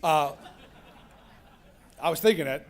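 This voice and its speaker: A man's voice: fairly high pitch, takes it slowly. A man giving a storytelling speech at a business conference, acting out the dialogue he quotes. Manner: animated, acts out quoted dialogue. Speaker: keynote speaker. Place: conference hall.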